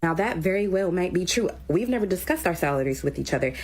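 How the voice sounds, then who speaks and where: A woman's voice: fairly low pitch, expressive, fast, a little mellow, breathy edge. A young woman who teaches, dryly retelling an argument in casual storytelling.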